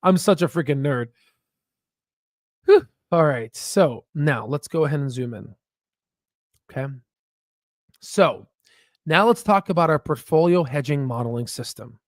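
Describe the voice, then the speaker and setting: A man hosting a stock market livestream, talking in excited bursts, laughing often and checking in with "right?". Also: a little high, unhurried, pauses often, dry recording, studio quality. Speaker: stock market channel host. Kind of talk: excited casual livestream commentary.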